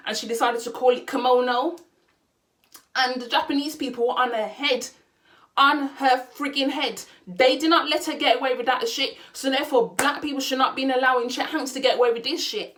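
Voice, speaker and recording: A woman's voice: high voice, a bit bright. A young adult woman talking straight to camera on her vlog, emphatic and indignant, repeating her questions for effect. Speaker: vlogger. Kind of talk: opinion vlog rant.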